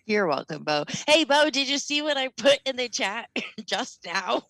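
A woman's voice: on the high side, sing-song, measured pace, fairly bright tone, no echo. A woman co-hosting a podcast over a video call, teasing and giggly. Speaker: podcast co-host. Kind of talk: casual uncensored chat.

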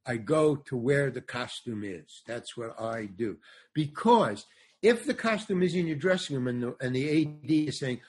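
A man's voice: mid-range voice, moderate pace, husky. An older man, a comedian and actor, telling a show business anecdote as a podcast guest, acting out the voices of others. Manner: animated, acts out other voices. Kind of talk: storytelling anecdote in a podcast interview.

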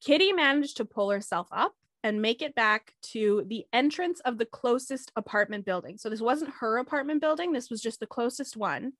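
A woman hosting a podcast, telling a true crime story in a casual, animated way with quick asides to her co-hosts. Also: a little high, dry recording.

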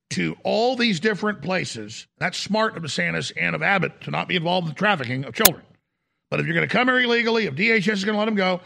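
A man with a strikingly gravelly, raspy voice pitched high for a man, hosting a political talk show. He rants heatedly and forcefully in a rapid-fire stream, with a strained, hard-edged tone. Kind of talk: ranting political talk radio.

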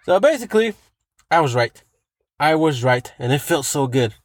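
A man's voice: on the high side, very animated, normal speed, no echo, clean studio sound. A man ranting on his own, swearing freely and hammering points home by repeating them. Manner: profane, emphatic, repeats himself for effect. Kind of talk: solo rant monologue.

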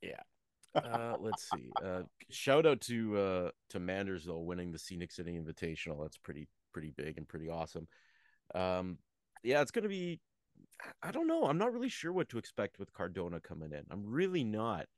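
Here is a man with a lowish voice, chatting casually as a co-host and needling his partner with teasing remarks. The sound is close and dry, with no room around it. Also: very animated, moderate pace, dry recording. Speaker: podcast co-host. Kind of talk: casual chat.

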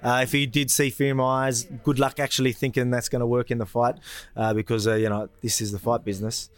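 A man's voice: mid-range voice, level tone, fast talker. A man with an Australian accent, a fighter in his thirties, chatting modestly in an interview with many fillers. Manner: modest, rambling, lots of fillers. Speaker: fighter guest. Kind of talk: casual interview chat.

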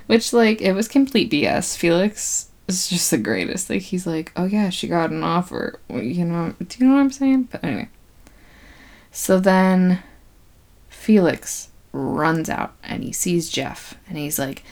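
A woman's voice: lowish voice, expressive, unhurried. A young woman hosting a podcast, recapping a movie in a chatty, giggly way with lots of "like" and acted-out lines. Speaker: podcast host.

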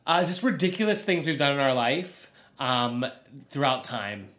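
Animated woman telling stories, roomy sound. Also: extremely low pitch, normal speed. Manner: animated, self-mocking storyteller. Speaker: podcast co-host. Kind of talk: casual chat, storytelling.

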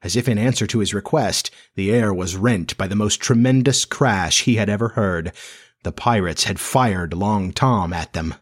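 A man reading a children's story aloud in a measured storytelling manner. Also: on the low side, husky. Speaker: audiobook narrator. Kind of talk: scripted narration.

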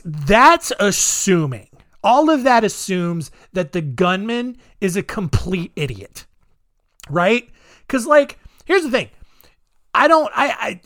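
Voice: medium pitch, a bit bright, dry recording, studio quality. A podcast host giving solo commentary in a rambling way, leaning heavily on filler words. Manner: rambling, heavy use of "like".

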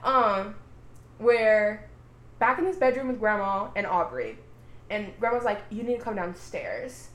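A woman's voice: mid-range voice, a little slow, echoey room. A woman co-hosting a podcast, casually recapping a TV plot, swearing freely and acting out the characters' lines. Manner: animated, swearing, acts out quotes. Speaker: podcast co-host.

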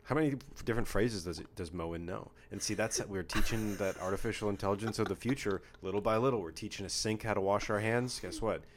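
A young man co-hosting a relaxed podcast chat, with a very low voice and a joking, riffing manner. Faint noise hangs behind him. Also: quick pace, hardly any pauses. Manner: joking, riffs with silly put-on voices. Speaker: podcast co-host. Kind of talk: casual chat.

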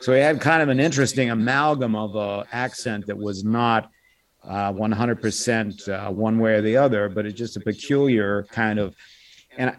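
Animated storytelling middle-aged man. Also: lowish voice, moderate pace. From United States. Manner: animated storyteller, drops into quoted voices. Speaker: guest, voice actor and impressionist. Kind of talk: casual interview chat.

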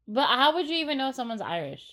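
A woman's voice: high-pitched, sing-song, fast, pushed and bright. A woman co-hosting a podcast in casual chat, teasing and laughing often. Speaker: podcast co-host.

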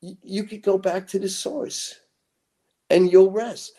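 Man, fairly high voice, interview guest and author: rambling, theatrical storyteller who acts out what he said. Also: steady tone, takes it slowly, warm tone. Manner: rambling, dramatic, acts out his own quotes.

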